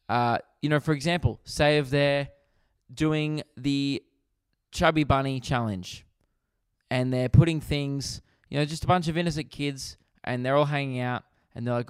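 An Australian man riffing through a comedic podcast monologue with a smooth, resonant voice. He rants in an animated, exasperated way and swears freely. The sound is close and dry, with no room around it. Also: mid-range voice, dry recording. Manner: animated, profane, exasperated ranting.

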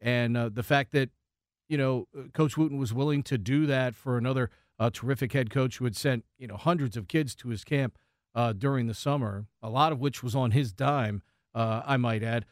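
A man in his fifties sits in as co-host on sports talk radio. He reminisces in a relaxed, easygoing way. His voice sounds close and dry in the studio. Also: medium pitch, moderate pace, dry recording.

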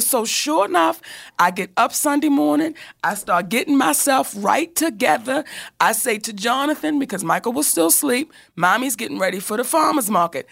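A woman telling a personal story in casual chat, animated and swearing freely as she acts out what people said. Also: high voice, normal speed, gravelly.

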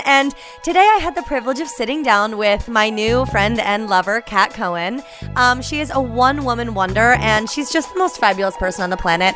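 Gushing woman host opening a podcast, music playing under her. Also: a little high. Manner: bubbly and gushing. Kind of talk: podcast intro. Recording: voice over music bed.

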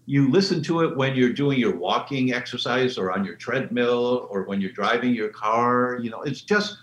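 An animated man tells stories as a guest, his voice carrying in a roomy, echoing space. A faint hiss sits under the remote line. He jumps into high, excited voices whenever he quotes someone. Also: normal speed. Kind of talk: enthusiastic storytelling in an interview.

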